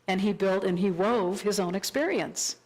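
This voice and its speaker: Animated woman preaching a sermon. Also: medium pitch, moderate pace, poor audio. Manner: animated storytelling, acts out her own inner voice. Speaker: minister. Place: church sanctuary.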